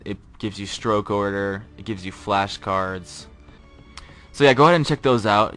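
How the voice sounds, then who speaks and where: A man teaching a casual podcast language lesson, informal and repeating example phrases slowly. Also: on the low side, fairly bright tone.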